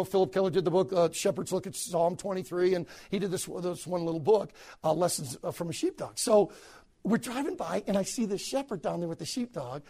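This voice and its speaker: An American man, a pastor, telling a story in a sermon to other preachers, animated and repeating words as he goes. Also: high voice. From United States.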